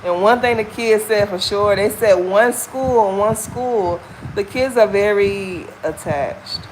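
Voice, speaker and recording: A woman's voice: mid-range voice, measured pace, noisy background. Chatty Southern American woman vlogging. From Southern United States. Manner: candid, chatty, folksy. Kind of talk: casual chat while walking. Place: outdoors on a walk.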